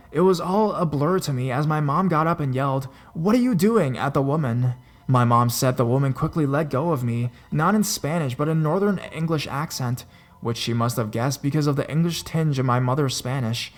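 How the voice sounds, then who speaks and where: A man narrates a first-person horror story in a steady, even reading manner. His voice sits at a middle pitch for a man. He keeps a plain storytelling tone throughout.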